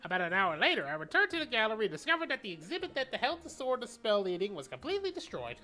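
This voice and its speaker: A man's voice: high-pitched, wildly swooping pitch, quick pace, pushed and bright, faint music behind, voice pushed up, full character voice. A man voicing a creepy old male museum curator who gives formal, earnest testimony while reading game dialogue aloud. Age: older.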